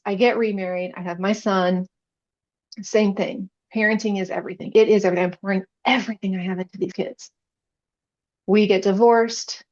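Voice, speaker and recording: Woman guest, earnest testimony, mid-pitched, slightly dull lo-fi sound. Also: darkish tone. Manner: earnest, emotional storytelling. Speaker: podcast guest, chaplain. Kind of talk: personal faith testimony.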